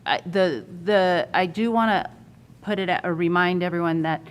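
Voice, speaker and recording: A woman commissioner speaking in a public meeting over a video call, halting, with frequent ums and restarts. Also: fairly low pitch. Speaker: redistricting commissioner.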